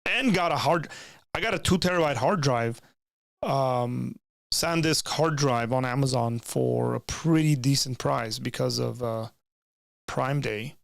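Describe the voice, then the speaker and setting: This young man's mid-range voice is gravelly and unhurried as he rambles through a casual live stream, restarting often while reading chat. He sits in a home room with bookshelves, leaning close to a desk microphone. The audio is studio quality, without echo.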